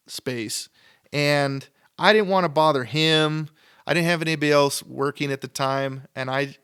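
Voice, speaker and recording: Enthusiastic and rambling, a guest sculptor from Idaho, USA, shares casual stories in a podcast studio, using lots of "like" and voiced-out exchanges. His voice is fairly high, clear and resonant, with a slightly bright tone.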